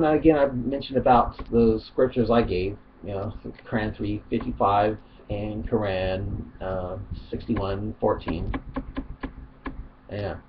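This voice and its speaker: A man's voice: lowish voice, fairly even intonation, slow, a little hiss or hum. A man hosting his channel, reading chat posts aloud and commenting in a rambling, chatty way on a dull lo-fi recording. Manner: rambling, self-interrupting, chatty. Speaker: channel host.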